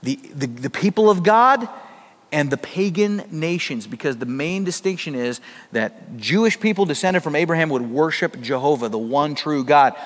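Male pastor, high voice, conversational sermon delivery, long hall reverb. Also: lively intonation, normal speed. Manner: conversational preaching with acted asides.

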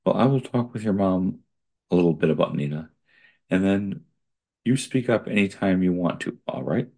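A man reading the lines of a calm, soft-spoken male researcher in a gentle, steady way. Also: low-pitched, moderate pace, vocal fry, full character voice.

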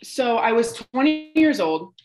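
A woman's voice: on the high side, sing-song, a little slow, a little mellow, slight background noise. A young woman from Colorado telling a profane, laugh-filled story as a podcast guest. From Colorado, United States.

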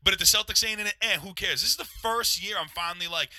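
A man with a high, very bright and sharp voice chats loosely about sports on a podcast, swearing in easy banter. The recording is close and dry. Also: fast talker, no room sound. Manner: laid-back, profane banter. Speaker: podcast co-host. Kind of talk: casual sports chat.

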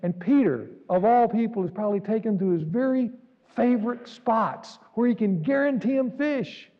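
A man pastor delivering an earnest, dramatic sermon, jumping between raised exclamations and hushed asides. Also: high-pitched, normal speed. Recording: dull recording in a reverberant hall.

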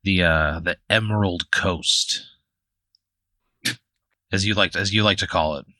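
Bright, forceful man spinning a rambling comic tale. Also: low-pitched, unhurried, no room sound. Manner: rambling, profane, full of fillers and restarts. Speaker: comedy podcast host. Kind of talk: improvised comedic storytelling.

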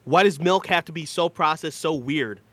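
A man's voice: fairly high pitch, normal speed, fairly bright tone, no echo. A man from Michigan co-hosting a podcast, joking and swearing in a mock-outraged way, often laughing. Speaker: podcast co-host. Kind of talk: casual comedic rant.

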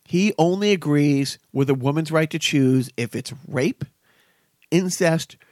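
A man's voice: fairly high pitch, measured pace, darkish tone, dry recording, clean studio sound. A man in his fifties hosting a casual chat, telling rambling stories and laughing often. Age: 50s. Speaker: podcast host.

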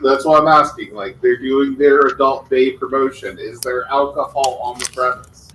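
A young adult man plays a tabletop game, blunt and joking, swearing casually whether in or out of character. His mid-range voice is level, fairly bright, and at normal speed. Faint music plays behind a rough recording.

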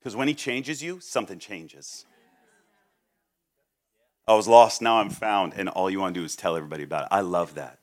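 A man preaching a sermon as a guest speaker, joking and acting out the people he quotes, then dropping low and quiet for serious points. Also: brisk, pauses often. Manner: animated, jokey, acts out quoted people.

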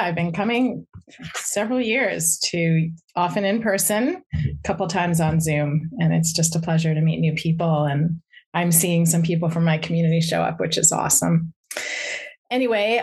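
Woman therapist, lower voice, gentle and reflective, speaking to a live audience. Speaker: psychotherapist and workshop speaker.

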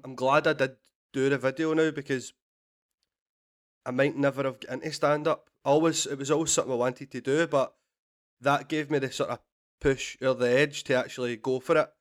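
A man with a Scottish accent, a stand-up comedian chatting as a podcast guest, telling stories animatedly with laughter and restarts. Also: mid-range voice. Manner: animated storytelling, laughing, swearing, repeated restarts. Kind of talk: casual podcast chat.

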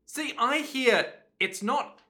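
A man co-hosting a podcast in casual chat, jokey and riffing, quick to chime in. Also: very high voice, lively intonation, bright, forceful tone. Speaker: podcast co-host.

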